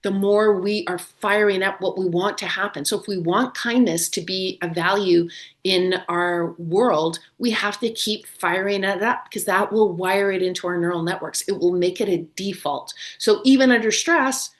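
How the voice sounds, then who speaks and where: A middle-aged woman speaks in a webinar with an earnest, encouraging tone. She repeats key phrases to drive them home, and her voice sits at a middle pitch. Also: moderate pace. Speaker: neuroscience author and webinar speaker. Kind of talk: webinar talk.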